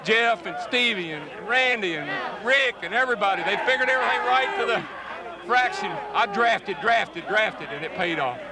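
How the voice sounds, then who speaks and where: A man's voice: high voice, animated, moderate pace. A man giving a post-race interview after winning, elated and disbelieving, rambling breathlessly. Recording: crowd and noise on the track.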